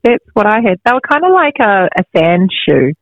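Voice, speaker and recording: A woman talks as a podcast guest, relaxed and a little rambling. She laughs often between her thoughts. The voice sounds dry and close, with no room around it. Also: medium pitch, normal speed, no room sound, lo-fi sound. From New Zealand. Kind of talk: casual chat interview.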